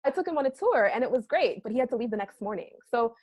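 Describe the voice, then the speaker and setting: A woman's voice: a little high, animated, fast talker, a little mellow. A woman from Canada, a guest on an interview, telling stories chattily with lots of "like" and laughter. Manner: chatty, laughs often, uses "like" a lot. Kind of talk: casual storytelling.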